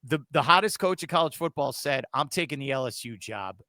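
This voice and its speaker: Bright, lively man talking football. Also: medium pitch, brisk, no room sound, studio quality. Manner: excitable, joking. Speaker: sports talk co-host. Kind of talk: casual sports talk.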